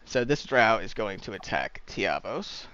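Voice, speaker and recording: A man's voice: on the low side, very animated, unhurried, pushed and bright, lo-fi sound, a little hiss or hum. A man running a tabletop game as dungeon master, casual and swearing a little. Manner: casual, swearing, distracted by a cat.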